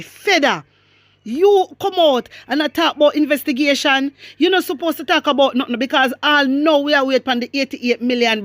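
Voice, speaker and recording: A woman's voice: sits high, no echo, clean studio sound. A woman with a Jamaican accent giving emphatic, repetitive political commentary to her viewers, mixing in patois. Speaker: commentary vlogger.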